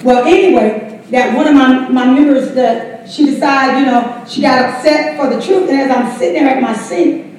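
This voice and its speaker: A woman pastor with a Southern US accent leads a lively Bible study, laughing often and urging the room on with "come on". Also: high-pitched, normal speed, far from the mic. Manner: exclaims "come on" often, laughs while preaching. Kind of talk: lively sermon-style teaching. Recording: echoey church hall mic from afar.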